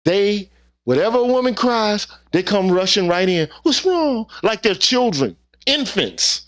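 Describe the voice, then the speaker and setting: A man's voice: high voice, lively intonation, unhurried, a bit bright. Emphatic, profane man ranting. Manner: emphatic, profane, repetitive rhetorical questions. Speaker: channel host. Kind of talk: opinion rant monologue.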